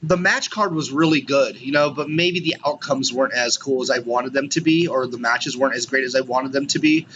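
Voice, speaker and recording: A man's voice: medium pitch, a little fast, hardly any pauses, fairly bright tone, highs cut off, slight background noise. A man co-hosting a podcast in casual chat, rambling with lots of "you know" and "like". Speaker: podcast co-host.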